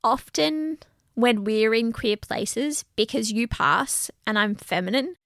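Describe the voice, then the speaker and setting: A woman co-hosting a relaxed podcast, speaking earnestly and with plenty of animation. Her voice carries a gravelly, fry-laden edge. The recording is dry and close, with no room sound. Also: a little high, slow, no room sound. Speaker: podcast co-host. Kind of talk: casual podcast chat.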